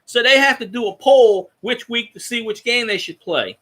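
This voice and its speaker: A man hosting a casual sports chat, rambling and profane like an excited fan. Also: very high-pitched, moderate pace. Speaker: podcast host.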